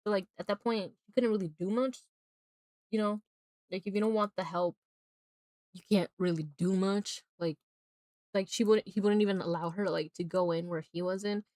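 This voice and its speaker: A woman's voice: mid-range voice, fairly even intonation, moderate pace, a little mellow, no room sound. Woman streamer rambling about a movie, says like constantly, laughs a lot, dry sound. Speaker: live streamer. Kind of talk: casual chat recapping a movie while drawing.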